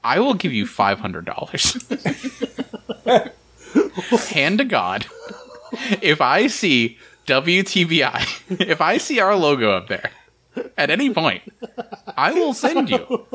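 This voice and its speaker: A man's voice: a little high, wildly swooping pitch, slow pace, pauses often, bright, forceful tone, slight background noise. A man hosting a podcast in casual, joking chat, laughing often and swearing. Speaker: podcast host.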